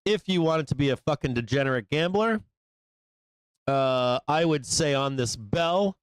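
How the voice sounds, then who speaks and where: A man's voice: a little high, expressive, a little slow, clean tone, no echo. A man hosting a live trading show, talking through the market in a blunt, rambling, profane way.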